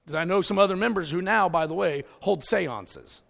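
A man preaching a sermon full of stories and jokes, with an animated, jokey delivery. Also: high voice, moderate pace, vocal fry. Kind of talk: storytelling sermon.

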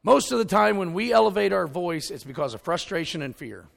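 A man preaching a sermon full of stories and jokes, with an animated, jokey delivery. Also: sits high, brisk, vocal fry. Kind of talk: storytelling sermon.

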